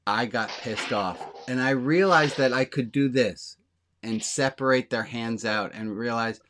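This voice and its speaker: A man, a rabbi, giving an informal sermon to his congregation, talking candidly and slowing down to stress the lines that matter. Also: mid-range voice, background noise.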